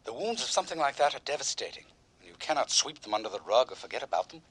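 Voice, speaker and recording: An actor playing a radio psychologist who speaks in a measured, earnest way. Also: male voice, mid-range voice, sing-song, fairly bright tone, breathy edge. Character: calm, authoritative male psychologist.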